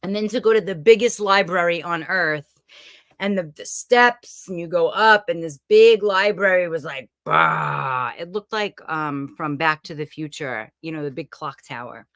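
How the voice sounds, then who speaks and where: In a fairly low voice at a measured pace, a middle-aged host of a self-help challenge series, from Brooklyn, New York, talks casually and motivationally to camera from a room at home. She's chatty and animated, rambling a bit with asides, and the recording is clean studio sound without room noise.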